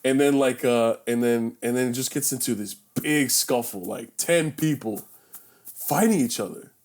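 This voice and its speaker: Young man, casual podcast host, animated storyteller, acts out voices, swears a lot. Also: mid-range voice, normal speed. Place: bedroom.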